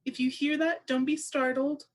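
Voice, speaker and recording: A woman with a somewhat high voice gives spoken English to a deaf presenter's signing at a seminar. She talks in a steady, measured way, laying out each point clearly. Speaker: sign language interpreter voicing a deaf presenter.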